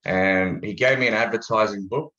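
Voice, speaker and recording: A man's voice: on the low side, moderate pace, pushed and bright. A man from Australia with an Australian accent, a guest telling stories in a laid-back, jokey way. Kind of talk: casual interview chat. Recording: echoey, dull-sounding room.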